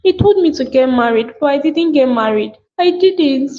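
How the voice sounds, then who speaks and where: A woman with a Nigerian accent voicing a young woman mourning her father in an animated drama. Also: sits high, normal speed, slight background noise. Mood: grieving. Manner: pleading, sobbing questions. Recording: muffled echoey home recording.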